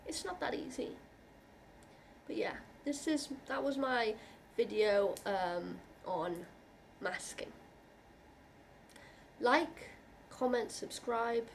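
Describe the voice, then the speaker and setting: A woman vlogger talking to camera in an earnest, reassuring way, halting and restarting often as she speaks from the heart. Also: fairly high pitch, slight background noise. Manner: heartfelt, openly emotional. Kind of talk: personal talk to camera.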